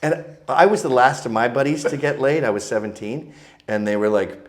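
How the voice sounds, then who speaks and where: A Canadian guest with a mid-range voice talks a little fast, telling crude, funny anecdotes with animation and slipping into voices for the characters in them.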